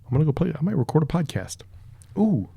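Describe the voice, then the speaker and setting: A man's voice: on the high side, expressive, very fast, vocal fry, dark tone, slightly rough, no room sound. A man casually reviewing a microphone at home, joking and rambling while he tests it up close. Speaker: product reviewer. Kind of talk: casual unboxing chat. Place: home room with hardwood floors. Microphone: close broadcast microphone.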